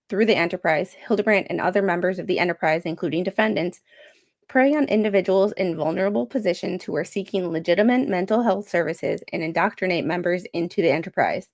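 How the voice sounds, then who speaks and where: A woman hosting a casual livestream, reading a court filing aloud with sarcastic asides and frequent fillers. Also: fairly low pitch. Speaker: livestream host.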